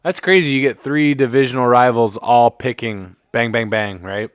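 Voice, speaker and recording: A man's voice: medium pitch, moderate pace, no room sound, studio quality. A man hosting a casual live sports commentary stream, joking and swearing as he rambles, a bit tipsy from drinks. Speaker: livestream host.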